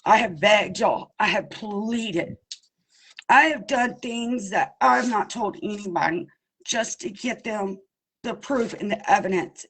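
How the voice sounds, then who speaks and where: A woman's voice: a little high, slightly rough, poor audio. A woman giving impassioned personal testimony as an abuse survivor, emphatic and pleading, calling her listeners y'all. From Pennsylvania.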